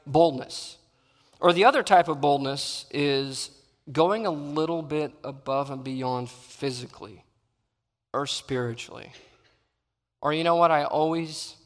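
A man preaching a sermon, acting out Bible scenes and swinging between loud and soft. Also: mid-range voice. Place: church sanctuary. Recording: long reverb in a large hall.

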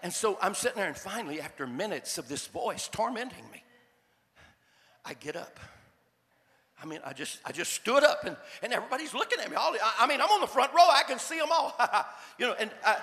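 Older preacher with a gravelly voice. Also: male voice, high voice, very animated, a little fast, fairly bright tone. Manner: folksy, repetitive, stammering restarts. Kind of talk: sermon testimony storytelling. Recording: echoey hall sound.

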